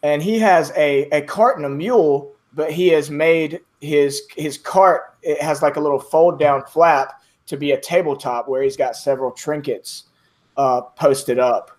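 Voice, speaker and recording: A man's voice: a little high, fairly even intonation, measured pace. A man narrating as game master of a tabletop game, rambling with many fillers.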